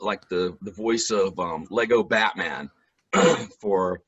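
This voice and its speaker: A hoarse man, a musician and voice actor, telling lively stories on a video call, often laughing and clearing his throat. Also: low voice, slow pace, lo-fi sound, noisy background. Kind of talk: casual storytelling chat.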